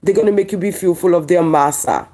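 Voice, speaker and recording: A woman's voice: on the low side, fast, mellow. A woman from Haiti with a Haitian accent, speaking to camera in a heated monologue. She talks emphatically, repeating lines and firing rhetorical questions. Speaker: online commentator.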